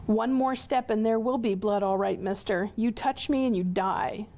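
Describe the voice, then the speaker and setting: A woman's voice: mid-range voice, moderate pace, mellow, natural voice. A woman voicing a scared but fierce male narrator in a book reading, speaking sharply. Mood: alarmed.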